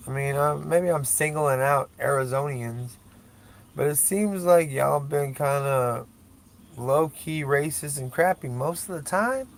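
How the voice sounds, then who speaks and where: A man's voice: on the high side, unhurried, vocal fry, slight background noise. An older man rambling casually and profanely through a solo podcast, joking at his own expense. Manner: rambling, profane, self-mocking. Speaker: podcast host.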